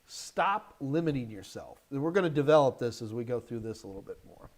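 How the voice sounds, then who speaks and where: A middle-aged man from the United States hosting a live Q&A, giving energetic, emphatic career advice in short repeated commands while sounding a little tired. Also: medium pitch, brisk. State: yawny, tired. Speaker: host answering viewer questions.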